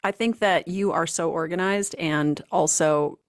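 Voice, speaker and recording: A woman co-hosting a podcast in casual chat, animated and chatty with plenty of filler words. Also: lowish voice, measured pace, no echo, studio quality. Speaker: podcast co-host.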